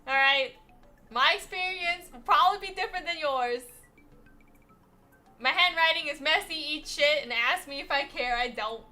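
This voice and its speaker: A woman's voice: high voice, normal speed, pushed and bright, soft background music. A young American woman rambles through a casual livestream chat, profane and sassy. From United States. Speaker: streamer.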